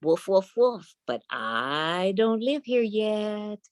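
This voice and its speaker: A woman voicing a scruffy, stubborn little male dog who woofs and speaks slowly and earnestly, told over a video call. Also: medium pitch, very animated, no room sound, studio quality, voice pushed up. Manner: slow, earnest, with barking woofs.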